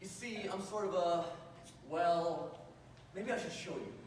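A man's voice: high voice, a little slow, a little mellow, a little hiss or hum. A man playing an earnest, awkward young wizard in an amateur live stage reading. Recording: echoey hall, distant mic.

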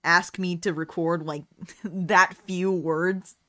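A woman's voice: on the low side, steady tone, takes it slowly, pushed and bright, no room sound, studio quality. A woman streaming while she draws, chatting casually and playfully with a friend and thanking new followers. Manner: playful, breaks into sung snatches.

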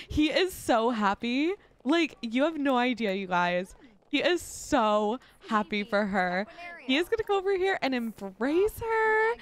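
A young woman giving excited, gushing gameplay commentary, laughing often. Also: high voice. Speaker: let's play host.

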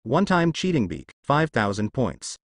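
Storybook robot cat, worried and helpful, lively pitch movement , read by a man. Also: moderate pace, dry recording, clean studio sound. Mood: puzzled.

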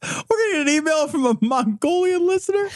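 A man's voice: very high-pitched, lively intonation, a little fast, no room sound, clean studio sound. A man co-hosting a podcast, cracking profane jokes and laughing often. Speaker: podcast co-host. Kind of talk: casual podcast banter.

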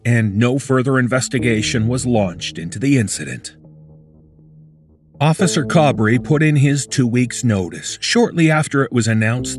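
A man narrating a horror story in a measured, documentary-like scripted voice. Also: mid-range voice.

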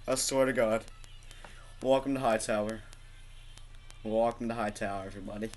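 Excitable, foul-mouthed man gaming. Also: moderate pace, a little hiss or hum. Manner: excitable, swearing, bursts into laughter and high-pitched yells. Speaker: gaming video host. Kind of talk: live gameplay commentary.

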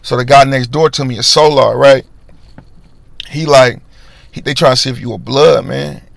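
A man's voice: medium pitch, steady tone, normal speed, vocal fry, no room sound. A young man telling a casual storytime monologue in street slang, acting out other men's lines in a raised voice. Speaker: vlogger.

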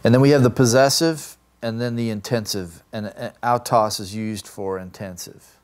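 A man's voice: lowish voice, steady tone, normal speed, a little mellow. A man giving a classroom lecture on grammar, explaining step by step and often checking with "right?". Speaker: Greek grammar teacher.

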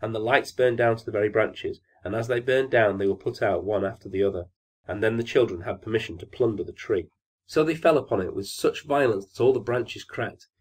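Male bedtime-story narrator, measured and gently expressive, husky voice. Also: lowish voice.

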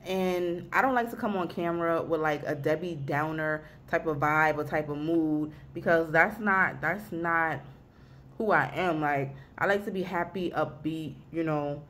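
A young woman vlogs from her desk at home, her voice sitting low and sounding close to tears. She talks in a confessional, rambling way, trailing off and restarting her thoughts. Faint background noise hums under the recording. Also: unhurried, fairly bright tone. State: weepy, emotional. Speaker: vlogger. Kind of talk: casual vlog chat.

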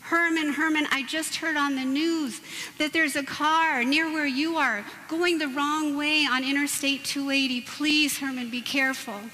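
A woman's voice: high-pitched, fairly even intonation, a little slow, pushed and bright, a little hiss or hum. A woman voicing a worried elderly wife pleading urgently on the phone, in a reverberant church.

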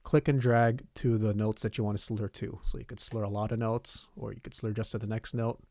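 A man, a band teacher, walking students step by step through a music notation program, often pausing with "okay" and "all right". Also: fairly low pitch, little pitch movement, mellow, no echo, studio quality. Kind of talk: screen-recorded software tutorial.

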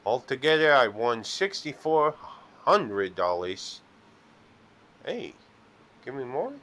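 A man talks slowly but with a lively, swooping delivery. He jokes and tells rambling, absurd stories while playing slot machines in a casino. His pitch sits in a middle range. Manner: rambling absurd storytelling, playful. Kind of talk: casual joking commentary.

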